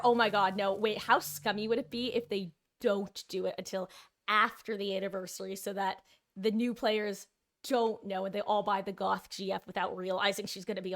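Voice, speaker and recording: Chatty, excitable woman streamer. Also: mid-range voice. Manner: chatty, excitable, quick to laugh. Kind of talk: casual gameplay commentary.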